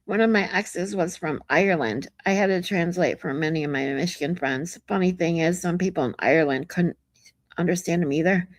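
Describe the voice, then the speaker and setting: On a livestream, a woman chats casually, reading out viewer comments and greeting people in a frank, talkative manner laced with swearing. Her voice sits fairly low and moves a little quickly, with no echo in the recording.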